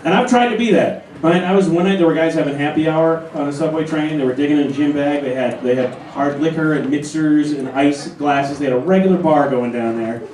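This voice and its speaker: Man in his forties, stand-up comic, slightly high voice, roomy club sound, heard from a far camera, audience noise behind. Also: brisk, hardly any pauses. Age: 40s. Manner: animated storytelling with acted-out voices. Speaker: stand-up comedian. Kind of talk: stand-up comedy set. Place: comedy club stage. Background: audience laughter.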